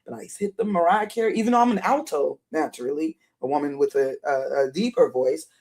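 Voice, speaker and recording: Hoarse deep-voiced woman chatting on stream. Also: quick pace, darkish tone. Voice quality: deep alto voice. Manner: chatty and rambling, greets viewers by name. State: hoarse, voice wearing out. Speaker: live streamer. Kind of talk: casual live-stream commentary.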